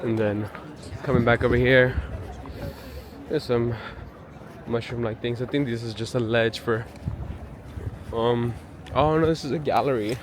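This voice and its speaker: A man's voice: mid-range voice, steady tone, unhurried, pauses often. A man chatting casually as a travel vlogger, rambling and joking at himself while walking outdoors with a handheld camera. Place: outdoors at a busy palace grounds. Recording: outdoor crowd noise. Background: crowd chatter.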